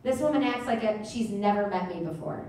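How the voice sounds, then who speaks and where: A woman's voice: mid-range voice, fairly quick, warm tone, a little hiss or hum. A woman performing a stand-up comedy set, telling stories in a brash, profane way on a live theater stage. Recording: echoey theater, mic at a distance.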